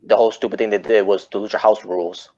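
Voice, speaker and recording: A man's voice: fairly low pitch, fairly even intonation, fast, darkish tone. A man hosting a casual wrestling chat podcast, rambling and often correcting himself mid-sentence. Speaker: podcast host. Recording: muffled lo-fi audio.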